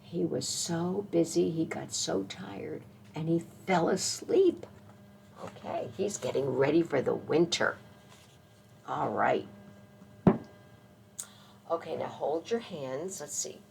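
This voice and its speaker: A woman librarian leading a children's story time, reading aloud slowly and gently, coaxing the kids to join in. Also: sits low, gravelly, slight background noise.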